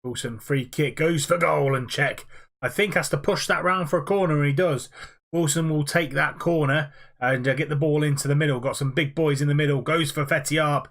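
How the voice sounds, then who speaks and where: Young man, upbeat gaming commentator calling football matches, slightly higher voice, filler-heavy delivery. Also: a bit bright. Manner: quick play-by-play with frequent "uh" fillers. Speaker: video game player commentating his own matches. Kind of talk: play-by-play football commentary over gameplay.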